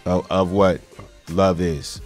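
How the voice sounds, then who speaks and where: A man with a fairly low voice co-hosts a call-in radio show, speaking calmly and deliberately. Faint music sits behind him. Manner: calm, measured, agreeable backing.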